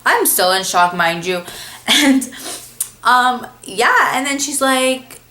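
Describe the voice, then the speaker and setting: A young woman vlogger telling a story casually, rambling with lots of fillers and acting out quotes with big jumps in pitch. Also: lively intonation, takes it slowly, pushed and bright. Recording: echoey room.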